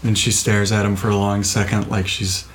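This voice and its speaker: A man narrating a tabletop game as game master, relaxed and descriptive. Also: on the low side, moderate pace, slight background noise.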